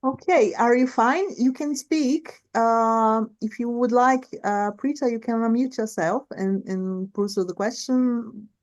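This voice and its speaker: A woman's voice: on the high side, a little slow, hardly any pauses, highs cut off. A woman hosting a seminar, moderating a live online question session over a video call, chatty and restarting sentences. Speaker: seminar host.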